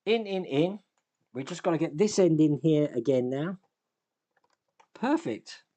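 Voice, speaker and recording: A man's voice: fairly high pitch, expressive, measured pace, dark tone. Man thinking aloud over a fiddly build. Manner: thinks aloud while working, self-deprecating, sighs and chuckles. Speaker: host, scale model builder. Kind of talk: casual build commentary.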